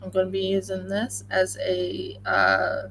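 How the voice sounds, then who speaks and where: A woman's voice: mid-range voice, very animated, a little slow, a bit bright, slight background noise, low-quality recording. A woman hosting a crafting livestream, chatting casually and rambling with many fillers while she crochets at home.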